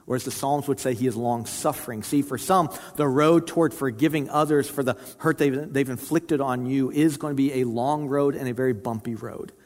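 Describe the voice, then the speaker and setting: A man's voice: medium pitch, big-room sound. A man preaching a sermon as pastor, earnest and repeating key words for emphasis.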